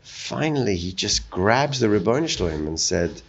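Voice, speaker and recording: A man teaching a Torah text in a study discussion, telling stories with animated acted-out voices. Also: on the low side, normal speed, vocal fry, few pauses, a little hiss or hum. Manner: animated storytelling, acts out quoted voices. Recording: dull lo-fi recording.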